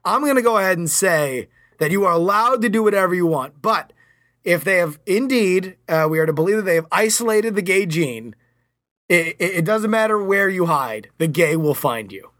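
A man with a high, bright voice co-hosts a podcast and lays out playful, teasing hypotheticals. His tone is sharp and lively, and the sound is dry and close. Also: moderate pace, no echo. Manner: playful, teasing, sets up scenarios. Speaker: podcast co-host. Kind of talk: casual comedic chat.

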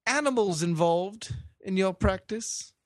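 A man's voice: high voice, a little slow, dry recording, studio quality. A man playing a pompous detective with a put-on British accent, formal and long-winded, full of hesitant "uh"s. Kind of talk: improvised comedy role-play.

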